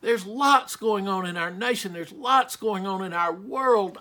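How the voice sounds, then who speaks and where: A middle-aged man delivers a sermon in a notably high voice. He speaks slowly and with emphasis, leaning on rhetorical questions to draw his listeners in. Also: sharp tone. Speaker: pastor.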